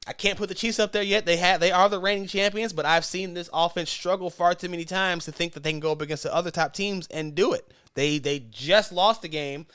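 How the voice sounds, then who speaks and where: Male sports podcast host with a slightly high voice. Casual, opinionated and loosely rambling, recorded dry. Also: fairly bright tone, no room sound. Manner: opinionated, rambling, self-correcting with fillers. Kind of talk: casual sports talk monologue.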